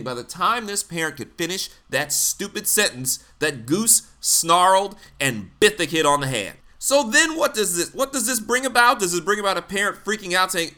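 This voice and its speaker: Blunt, bright-voiced man ranting. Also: sits high, very animated, normal speed, hardly any pauses. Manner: blunt, exasperated, profane. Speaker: commentator. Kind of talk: ranting commentary monologue.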